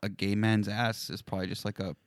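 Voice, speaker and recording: A man's voice: lowish voice, level tone, a little fast, no echo, clean studio sound. A young man in crude casual banter, giggling a lot and chiming in with silly questions.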